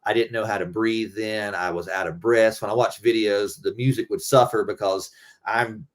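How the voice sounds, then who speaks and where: A man's voice: on the low side, steady tone, normal speed. A middle-aged man talking loosely and rambling, swearing freely, as a guest musician in a casual interview.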